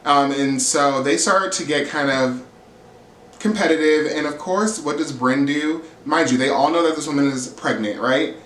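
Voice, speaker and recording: A man's voice: on the high side, moderate pace, a bit bright. A man recapping a reality TV episode in a casual, blunt and sassy way, cursing freely. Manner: sassy, blunt and profane, acts out quotes. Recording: roomy echo, faint ambient hiss.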